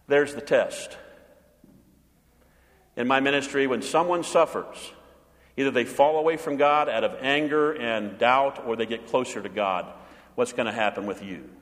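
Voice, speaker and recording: A man's voice: on the high side, a bit bright, big-room sound. A man preaching a sermon as pastor, dramatic, with rhetorical questions and acted-out voices.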